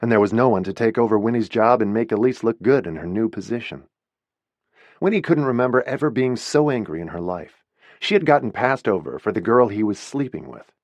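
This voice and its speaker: A man reading a novel aloud as an audiobook narrator, with an expressive storytelling delivery. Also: lowish voice, dry recording.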